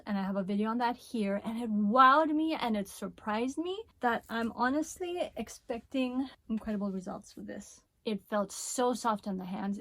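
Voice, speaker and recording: A woman's voice: fairly high pitch, dry recording. A woman with a Spanish accent chatting enthusiastically through a hair product review vlog. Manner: chatty and enthusiastic, with laughs and asides. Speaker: hair care vlogger.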